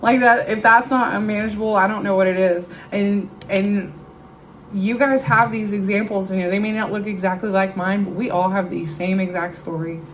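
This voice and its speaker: Woman, middle-aged, candid conversational testimony, mid-pitched voice, faint background noise. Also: fairly even intonation, normal speed, low-quality recording. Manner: candid, conversational, emotional storytelling. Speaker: speaker at a recovery meeting. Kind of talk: personal testimony to a live audience. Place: meeting room with audience.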